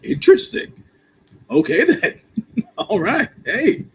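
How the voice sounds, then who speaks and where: A man's voice: high-pitched, sing-song, takes it slowly, a bit bright, breathy edge, low-quality recording. A man co-hosting a live stream in a laid-back, slangy way, with lots of ums and easy laughter. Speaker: podcast co-host. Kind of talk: casual live-stream chat.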